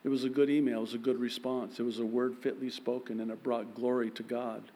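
A man preaching a sermon, telling everyday stories in a lively way and laughing at himself. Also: mid-range voice, fast talker, slight background noise. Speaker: pastor.

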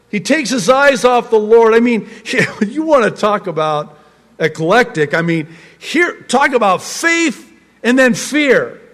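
A man preaching a sermon in a fairly high voice, slow and deliberate, with his words trailing into a long hall echo. He breaks into humorous asides and laughs mid-sentence. His storytelling is lively. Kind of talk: sermon on a psalm.

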